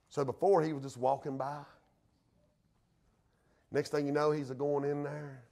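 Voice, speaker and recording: Brief: male preacher, high tenor, folksy country delivery, hushed to shouting. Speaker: pastor. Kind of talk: sermon.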